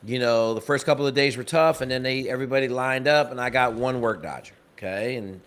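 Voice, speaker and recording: A man telling a story on a live talk broadcast, energetic and fast, acting out the quotes as he goes. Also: medium pitch. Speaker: panel guest and father.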